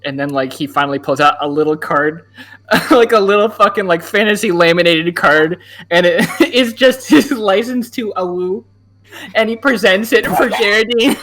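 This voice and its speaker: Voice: mid-range voice, moderate pace, fairly bright tone. A player in a tabletop game, rambling and self-deprecating, who also voices a male werewolf adventurer.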